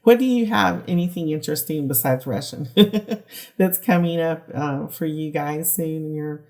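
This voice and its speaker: Low-voiced woman hosting an interview. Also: moderate pace. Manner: warm, encouraging listener who laughs along. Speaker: podcast host. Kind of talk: casual interview.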